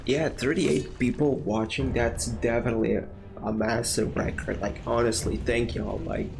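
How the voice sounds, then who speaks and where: A man's voice: mid-range voice, steady tone, normal speed, gravelly, background noise. A man streaming a video game, chatting to viewers with crude jokes and rambling commentary. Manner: rambling with fillers and restarts. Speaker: gaming streamer. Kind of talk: casual let's-play commentary.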